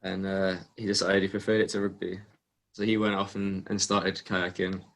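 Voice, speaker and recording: Speaking at a moderate pace, a young adult athlete from England chats as an interview guest. His somewhat low, fairly monotone voice carries easygoing stories full of ums and little false starts.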